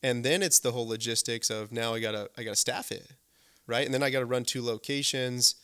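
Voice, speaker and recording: A man's voice: medium pitch, fairly even intonation, brisk, pushed and bright, smooth. A man hosting a podcast interview, talking with eager energy, repeating himself and tagging his points with "right?". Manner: enthusiastic, repeats words, many "right?" tags. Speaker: podcast host. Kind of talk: casual interview chat.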